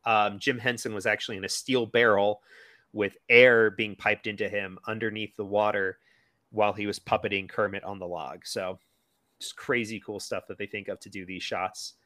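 A man with a fairly low voice chats through a movie scene by scene, loose and rambling, full of "um" and "like". The sound is close and dry, with no room echo. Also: level tone, moderate pace, sharp tone. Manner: chatty, lots of fillers, quotes characters in a silly voice. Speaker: podcast co-host. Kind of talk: casual movie commentary.

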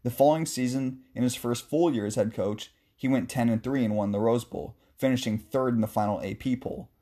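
Male sports talk host, mellow tone, casual and joking, mid-range pitch. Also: brisk. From West Coast of the US. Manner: chatty, joking, animated asides. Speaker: sports podcast host answering listener questions.

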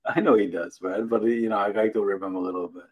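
A man's voice: on the low side, steady tone, quick pace, lo-fi sound. A man in his thirties, a podcast guest, chatting casually with teasing humor about family. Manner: joking, teasing storyteller. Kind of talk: casual chat.

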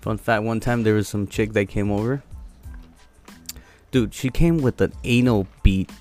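A man's voice: lowish voice, measured pace, a little mellow, soft background music. A man telling a crude story in casual podcast chat, profane and full of quoted asides.

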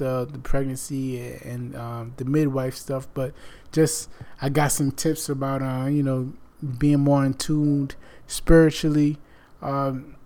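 A man's voice: mid-range voice, darkish tone. A man hosting a podcast in casual chat, rambling with many fillers and restarts, and losing his voice. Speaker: podcast host.

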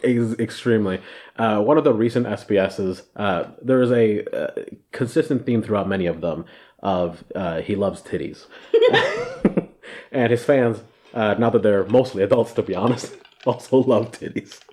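A man co-hosting a casual podcast chat, animated, swearing freely and laughing through his lines. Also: fairly low pitch, normal speed. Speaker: podcast co-host.

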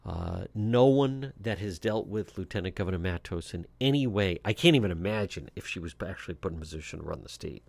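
A man's voice: low voice, expressive, brisk, creaky, hardly any pauses, no room sound. A man hosting talk radio, giving blunt, scornful political commentary with frequent fillers and restarts.

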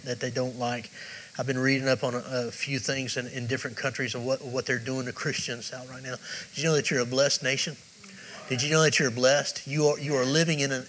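A man's voice: mid-range voice, bright, forceful tone, a little hiss or hum, rough recording. A male pastor preaching a sermon with emphatic, repetitive phrasing and direct questions to the congregation.

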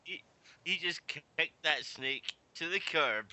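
Sweary, bright-voiced ranting man. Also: a little high, expressive, slow pace. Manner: profane, ranting storyteller. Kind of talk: casual chat.

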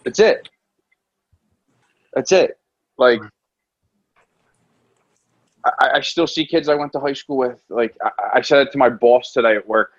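A man's voice: mid-range voice, unhurried, long pauses. An American man in casual talk, ranting in frustration and swearing a lot. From United States. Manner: profane, exasperated ranting. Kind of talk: casual heated chat. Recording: dull lo-fi sound.

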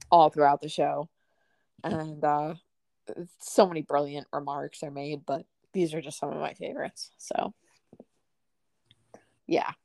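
A woman's voice: deep voice, gravelly, no echo. A young woman in casual chat, talking fondly about favorite lines with frequent "um"s. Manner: relaxed, fond, many "um"s.

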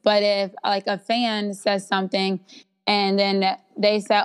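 A woman's voice: mid-range voice, steady tone, normal speed, smooth. A young adult woman, a guest actress, chatting candidly in an interview, swearing freely and acting out the messages people send her. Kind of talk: casual interview chat.

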